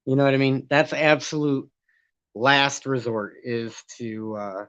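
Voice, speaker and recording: A man's voice: mid-range voice, a little slow, a bit bright, no room sound. Rambling, swearing man on a live stream. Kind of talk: casual live-stream commentary reading chat. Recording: dull lo-fi stream audio.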